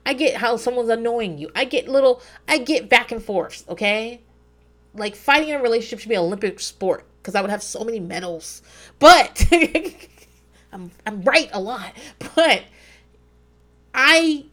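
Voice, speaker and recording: A woman's voice: a little high, a little slow. Blunt, swearing woman podcast host. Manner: blunt, profane, animated storytelling. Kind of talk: casual podcast commentary.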